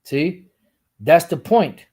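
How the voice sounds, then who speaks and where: A man's voice: fairly high pitch, big pitch swings, slow pace, warm tone, husky. A man teaching the Bible while sharing his screen, explaining step by step and often repeating and restarting his phrases.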